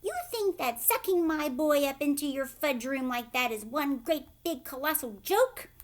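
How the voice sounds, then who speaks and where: A woman reading aloud, voicing an outraged, shrieking mother who shouts in shrill, indignant bursts. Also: animated, moderate pace. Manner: shrill, loud, indignant outbursts. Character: furious shrieking mother, middle-aged woman.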